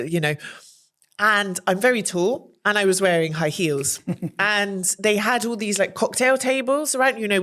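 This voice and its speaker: A woman speaking as a podcast guest, candid and animated, telling anecdotes and acting out quoted voices with gasps. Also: on the low side. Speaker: guest, journalist and presenter.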